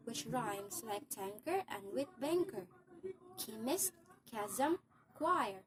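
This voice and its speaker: A woman with a slightly high voice recites verse at a very unhurried pace, giving every word its own careful weight. A steady hiss sits clearly behind her voice. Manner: careful, deliberate enunciation of each word. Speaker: poetry reciter. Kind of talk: slow recitation of a spelling poem.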